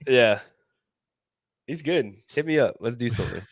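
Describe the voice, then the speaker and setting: A man's voice: medium pitch, expressive, normal speed, no echo, studio quality. A man chatting casually on a podcast, laid-back and loose with slang. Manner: laid-back, casual, says "dude" and "you know what I mean". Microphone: podcast studio mic.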